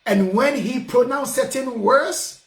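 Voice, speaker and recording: A man's voice: very high-pitched, slow, reverberant. A man from Ghana with a Ghanaian English accent, hosting a radio talk programme and speaking emphatically, raising his voice to drive his points home. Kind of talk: casual call-in radio talk.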